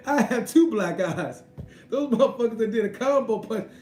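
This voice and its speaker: A man ranting casually and profanely, rambling in an animated way about a production he disliked. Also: very high-pitched, normal speed. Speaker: commentator. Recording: echoey room with faint noise.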